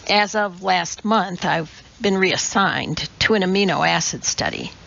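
A composed woman chemist explains things with calm precision, as a woman narrator plays her. The voice sits low with a gravelly edge. The audiobook audio is muffled and lo-fi. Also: unhurried. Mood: matter-of-fact. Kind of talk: audiobook character voice. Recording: dull lo-fi audiobook recording.

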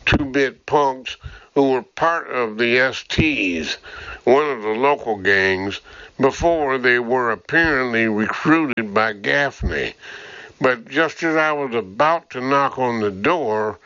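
A man's voice: mid-range voice, lively intonation, takes it slowly, sharp tone, clear, resonant tone, dry recording. A man voicing a cheerful, chatty young tech-savvy man, in a dull lo-fi recording. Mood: eager. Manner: grinning, eager, chatty.

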